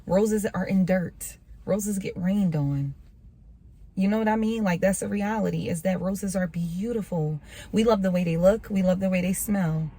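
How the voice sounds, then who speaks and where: A woman's voice: medium pitch, normal speed, dark tone. A woman vlogger giving a casual, earnest motivational talk on faith, repeating phrases for emphasis in a preacher-like way.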